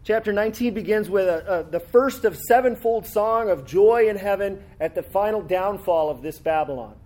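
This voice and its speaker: The preacher's voice sits high, with a moderate pace and a darkish tone. Reading scripture aloud, he grows more fervent and explains the passages conversationally, dotting his sermon with tag questions.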